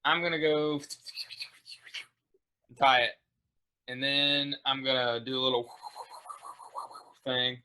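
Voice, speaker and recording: Bright-toned guy playing tabletop, casual and jokey. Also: medium pitch, fairly even intonation, takes it slowly, pauses often, clean tone. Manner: casual, joking. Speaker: player. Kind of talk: casual chat at a tabletop game.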